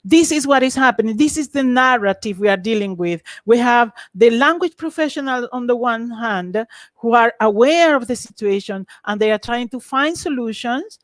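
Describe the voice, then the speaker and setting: A woman lecturing in an online academic webinar, lively and emphatic, over a video call. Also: a little high, moderate pace, dry recording.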